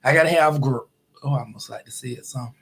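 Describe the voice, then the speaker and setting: A man's voice: medium pitch, fast, creaky, a bit bright, breathy edge. A man, telling rambling stories in a casual livestream and often laughing. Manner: chatty, rambling, laughs often, acts out quoted voices. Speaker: YouTube live streamer. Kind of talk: casual storytelling monologue.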